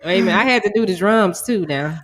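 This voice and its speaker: A woman's voice: medium pitch, animated, quick pace, raised voice, heavy background noise. Giggly woman co-host. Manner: giggly, easygoing. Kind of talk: casual morning show banter.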